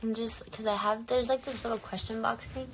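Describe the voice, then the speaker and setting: A woman's voice: fairly high pitch, steady tone, brisk, a little hiss or hum. A young woman talking candidly into her phone on a live stream, rambling and peppering her speech with "like.". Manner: candid and rambling, full of filler "like". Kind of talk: casual live-stream chat.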